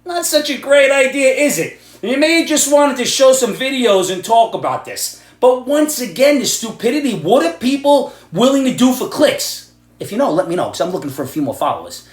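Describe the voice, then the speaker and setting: A middle-aged man from Ireland, ranting loudly and sarcastically about the news in a vlog. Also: very high voice, big pitch swings, fairly quick. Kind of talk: angry political rant vlog. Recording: echoey room.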